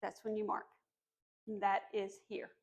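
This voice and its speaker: A woman dog trainer calmly explaining commands during a demonstration, encouraging and firm on cues. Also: mid-range voice, measured pace. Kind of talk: instructional demonstration.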